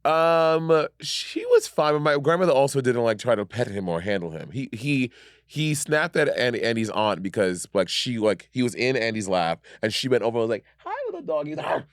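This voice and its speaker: A man's voice: mid-range voice, animated, normal speed, no echo, studio quality. A man co-hosting a podcast in casual, playful chat, laughing often and rambling through his thoughts. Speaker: podcast co-host.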